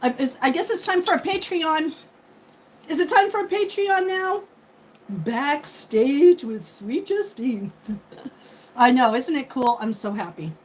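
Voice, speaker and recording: A woman's voice: sits high, lively intonation, moderate pace, poor audio. A woman in her fifties hosting a casual livestream, chatting and thanking viewers by name. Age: 50s. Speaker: livestream host. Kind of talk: casual live chat with viewers. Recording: faint background noise.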